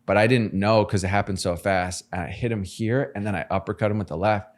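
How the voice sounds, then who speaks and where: A man as a podcast guest, telling his life story in a casual, animated, slangy way and acting out the voices of people he quotes. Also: lowish voice, fairly quick.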